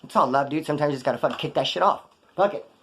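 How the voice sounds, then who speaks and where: A man's voice: on the high side, very fast, fairly bright tone, a little hiss or hum. A man casually telling prison stories in a blunt, profane, slang-heavy way, acting out the dialogue. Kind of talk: casual storytelling.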